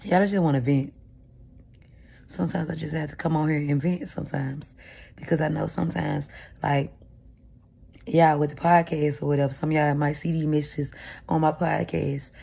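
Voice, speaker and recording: Woman vlogging to her camera, kinda low voice w a gravelly edge, just venting and rambling. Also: steady tone, moderate pace, long pauses, mellow. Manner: candid, rambling, confessional. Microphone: camera mic.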